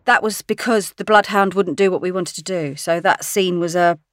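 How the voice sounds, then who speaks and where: A woman's voice: fairly low pitch, normal speed. A woman, an actress, chatting in an interview, laughing often as she tells stories. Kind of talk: casual interview chat.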